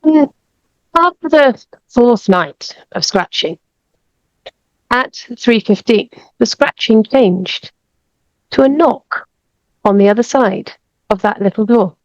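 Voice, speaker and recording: A woman author improvising a story, measured and building suspense. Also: fairly high pitch, lively intonation, dry recording, lo-fi sound.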